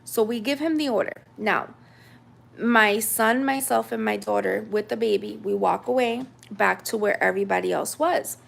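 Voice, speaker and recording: A woman's voice: medium pitch, moderate pace, gravelly. A woman in her thirties from the United States, telling a personal story in a chatty, casual way with lots of fillers. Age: 30s. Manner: chatty, animated retelling with many fillers.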